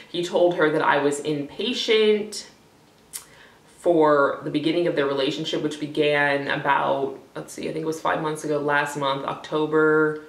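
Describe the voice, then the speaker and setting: Low, gravelly young woman vlogging in an echoey room. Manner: rambling, candid, swears freely, many fillers. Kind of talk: casual talking-head vlog. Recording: echoey room, voice a bit far from the mic.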